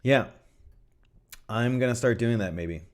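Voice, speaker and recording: A man's voice: medium pitch, a little slow. A man hosting a live trading stream, chatting casually and thinking aloud, often repeating his phrases. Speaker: trading livestream host. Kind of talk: casual livestream market analysis.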